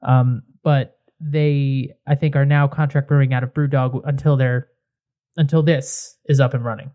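A man co-hosting a podcast in casual chat, rambling and excitable, with frequent restarts. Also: medium pitch, moderate pace, narrow, tinny audio. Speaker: podcast co-host.

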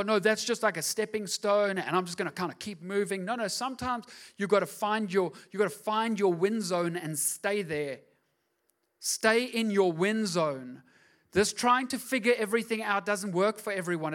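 A man pastor preaching a lively sermon in church, dropping to soft asides and rising to loud urging, acting out quoted dialogue. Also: sits high, normal speed. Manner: acts out voices in quoted dialogue. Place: church service.

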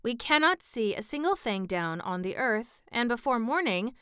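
A woman's voice: fairly high pitch, big pitch swings, normal speed, a bit bright, clear, resonant tone, dry recording, studio quality, voice pushed up. A woman reading the part of an earnest young boy adventurer in an audiobook, in a plain, slightly raised voice.

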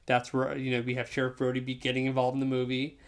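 A man co-hosting a casual podcast, his voice at an ordinary, middle pitch. He tells things in an easygoing, chatty way and drops swear words freely. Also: fast talker. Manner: relaxed storytelling, with casual swearing. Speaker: podcast co-host. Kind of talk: casual chat.

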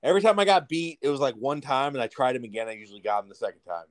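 A young man co-hosting a podcast, telling a story in casual, profane, animated chat. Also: mid-range voice, very fast. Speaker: podcast co-host. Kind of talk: casual storytelling over beers.

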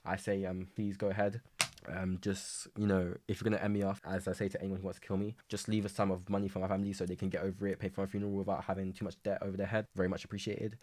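A man's voice: low-pitched, level tone, rapid-fire, darkish tone, a little hiss or hum. A young man from England, hosting a casual solo podcast, rambling and swearing with lots of energy. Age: young adult. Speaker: podcast host. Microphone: podcast microphone.

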